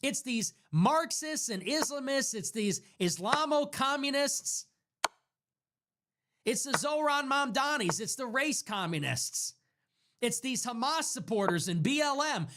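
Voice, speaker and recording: A man's voice: very high voice, animated, a little slow, pushed and bright, slight background noise, voice pushed up, heavily acted. A man doing a mocking impression of a preachy male pundit, in a sarcastic, sing-song way.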